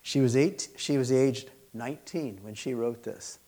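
A man teaching a session for pastors, earnestly presenting and reading aloud a student essay. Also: medium pitch. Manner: earnest, measured, expressive reading.

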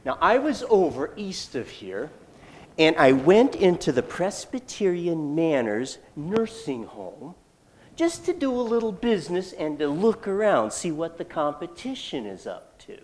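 A storyteller telling a folktale live, folksy and animated with rambling asides. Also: medium pitch, unhurried.

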